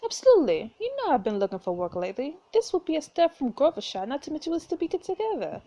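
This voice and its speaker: A woman's voice: high voice, wildly swooping pitch, fast talker, warm tone, voice pushed up, exaggerated voice. A woman voicing a cheerful, loyal young best friend in a story game, upbeat and reassuring.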